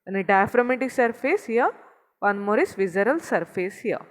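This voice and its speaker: A woman's voice: mid-range voice, lively intonation, moderate pace, big-room sound. A woman teaching an anatomy lesson, going step by step, pointing at a figure and repeating the key terms. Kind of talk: recorded anatomy lecture.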